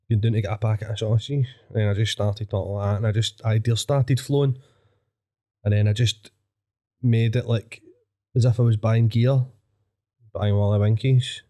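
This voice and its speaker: Sweary young Glaswegian comedian. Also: male voice, lowish voice, fairly even intonation, normal speed, pauses often, mellow. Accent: Scottish, Glaswegian. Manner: sweary, rambling, laughs often. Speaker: guest comedian. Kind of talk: casual podcast chat.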